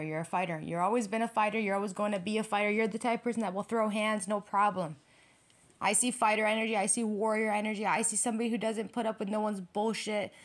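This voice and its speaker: Woman, tarot reader, casual and foul-mouthed, hammers points by repeating them, mid-pitched. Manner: blunt and profane, repeats phrases for emphasis; breaks into laughter. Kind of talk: casual tarot reading to camera.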